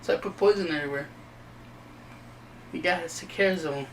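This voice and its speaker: A high-voiced man on a casual comedy podcast, teasing his co-hosts crudely and laughing a lot. A faint room hum runs behind him. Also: a little fast. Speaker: podcast co-host. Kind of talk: casual chat.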